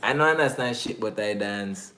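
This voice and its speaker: A man's voice: fairly low pitch, normal speed, sharp tone. A man from Bluefields, Nicaragua, with a Nicaraguan Creole English accent, answering viewer questions in a slangy, joking casual chat.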